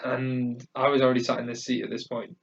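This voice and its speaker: A man's voice: medium pitch, level tone, brisk, vocal fry. Man, podcast host, rambling casual chat, distant from mic, dull muffled sound. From North of England. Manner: rambling, hesitant storytelling with many fillers.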